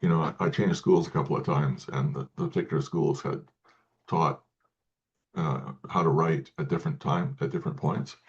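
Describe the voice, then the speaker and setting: A man speaking as an interview guest, talking in halting sentences with many restarts and repeated words. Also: a bass voice, steady tone, dull audio. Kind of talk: casual interview talk.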